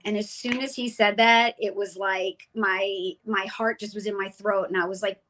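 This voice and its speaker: Bright-voiced woman in her forties. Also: mid-range voice, normal speed, few pauses, poor audio. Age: 40s. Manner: animated storyteller, acts out quoted dialogue. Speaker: guest. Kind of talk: telling her story in an interview.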